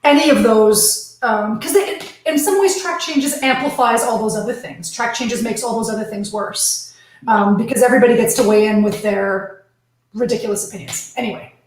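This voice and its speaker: A Canadian woman co-hosts a loose book chat, opinionated and quick with asides. Her voice sits a little high. The room around her rings with heavy echo. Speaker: podcast co-host. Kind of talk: casual chat about a book. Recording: very echoey room.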